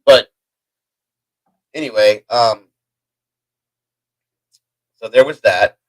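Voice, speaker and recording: A man's voice: mid-range voice, drawn-out words, fairly bright tone, no room sound, low-quality recording. A man hosting a livestream from home, telling a story in a hyper, rambling way with chatty asides to his viewers. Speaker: livestream host. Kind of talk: casual storytelling to a live chat.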